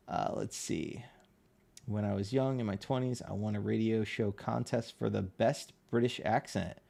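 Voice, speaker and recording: Northeastern us guy streaming his art, low gravelly voice, chatty and easygoing. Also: steady tone, measured pace, dark tone. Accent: Northeastern American. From Connecticut, USA. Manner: chatty, reads chat aloud, laughs often. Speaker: livestreaming artist. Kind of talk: casual livestream chat while drawing.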